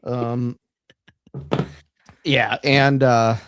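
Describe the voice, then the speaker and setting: A man's voice: mid-range voice, level tone, drawn-out words, fairly bright tone, smooth, no room sound. Joking young man, dry close sound. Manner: joking, laughs into his lines. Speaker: podcast co-host. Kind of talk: casual chat.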